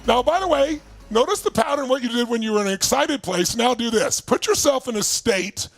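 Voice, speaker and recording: Indoors and streaming to a video call audience, a man coaches with motivational energy, his voice full of vocal fry and the recording free of echo. He fires off quick questions to lead exercises, emphatic as he shifts from loud outbursts to quiet, low passages.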